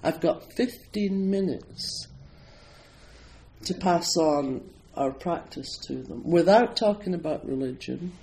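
A man's voice: on the high side, lively intonation, slow, gravelly, darkish tone, slight background noise, poor audio. A Scottish man, a Zen priest and meditation teacher, giving an informal talk to an audience in a chatty, self-deprecating way, with plenty of ums and you-knows. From Scotland.

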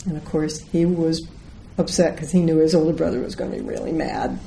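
A middle-aged woman teaches as a Zen teacher in a dharma talk, her voice low and soft at the edges. She tells a story and brings its people to life with their own voices. A faint hiss hangs under her words. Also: huge pitch swings, brisk, creaky, poor audio. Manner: storytelling, acts out quoted voices.

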